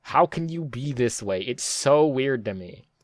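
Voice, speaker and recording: A man's voice: medium pitch, expressive, unhurried, no room sound. A young American man commenting casually as a YouTuber, rambling, profane and incredulous, with lots of fillers. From United States.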